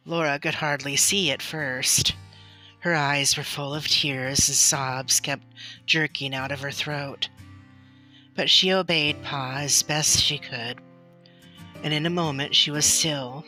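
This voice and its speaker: A woman reads a children's novel aloud in a gentle, expressive way. She takes it very slowly, letting each phrase settle. Soft music runs under her voice. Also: sits low. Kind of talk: storybook read-aloud.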